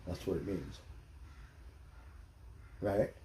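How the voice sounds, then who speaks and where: A man's voice: low-pitched, very slow, warm tone. A man hosting a livestream, ranting bluntly and heatedly in casual, profane commentary. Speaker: livestream host. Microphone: streaming mic.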